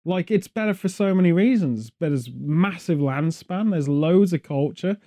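A man's voice: fairly high pitch, lively intonation, normal speed, warm tone. A man hosting a podcast, rambling and joking sarcastically in casual chat. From Britain. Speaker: podcast host.

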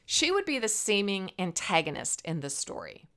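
A woman's voice: mid-range voice, sing-song, moderate pace, a bit bright. A woman telling a Bible story as a lesson in a playful, dramatic way. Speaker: Bible teacher.

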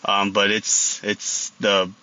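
A man's voice: fairly low pitch, completely flat delivery, slow pace, bright, forceful tone, dry recording. A man in his thirties with a Texan accent, calling in to a radio show and speaking hesitantly, often repeating words. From Texas. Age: 30s. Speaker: caller. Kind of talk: phone-in conversation. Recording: lo-fi phone line.

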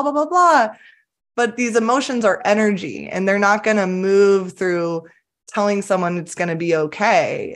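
A woman, a therapist, explaining her approach in a casual, earnest and upbeat podcast interview. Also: medium pitch. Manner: earnest, upbeat, enthusiastic coaching tone. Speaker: somatic attachment therapist, guest.

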